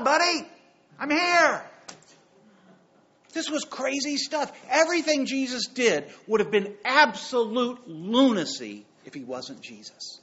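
A male pastor preaching a sermon, swinging between hushed lines and loud bursts and acting out the quotes. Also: sits high. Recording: dull lo-fi sound.

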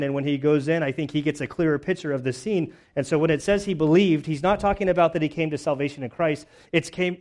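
A male pastor preaching verse by verse in a relaxed, conversational manner. His voice sits slightly higher than most men's, and he slips into dramatized voices for the people in the story. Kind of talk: expository sermon, reading and retelling scripture.

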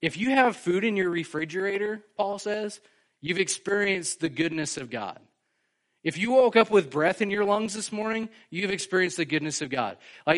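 Male pastor, higher-pitched voice, chatty animated sermon delivery. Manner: conversational, animated preaching with casual fillers.

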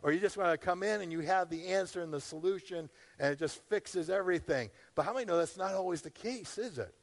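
A man's voice: high-pitched, fast talker, big-room sound. A man as pastor, preaching a sermon in a conversational way, often asking the congregation questions.

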